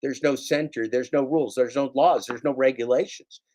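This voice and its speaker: A man in an ordinary middle pitch holds forth on his livestream, dry and mocking. He swears freely and loops back over the same phrases. The delivery is loose and conversational. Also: fairly even intonation, moderate pace, a little mellow. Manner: sarcastic, profane, repeats his lines. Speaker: livestream host. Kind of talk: casual livestream rant.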